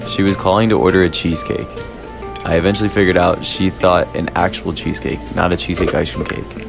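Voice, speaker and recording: A man telling a work story in a flat, matter-of-fact way. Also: deep voice, brisk, creaky. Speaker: ice cream shop worker. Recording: music playing behind.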